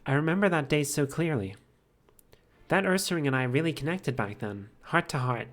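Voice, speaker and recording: A man's voice: on the high side, animated, moderate pace, faint music behind, natural voice. A man reading the lines of a wistful, caring young woman from a game, in a plain voice. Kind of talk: reading game dialogue aloud.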